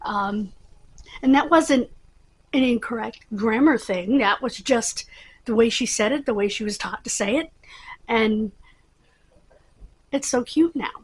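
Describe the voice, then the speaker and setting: Husky, chatty middle-aged woman vlogger. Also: on the high side, unhurried, long pauses, rough recording. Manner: rambling, chatty, with many fillers. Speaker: channel host. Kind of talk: casual chat to camera.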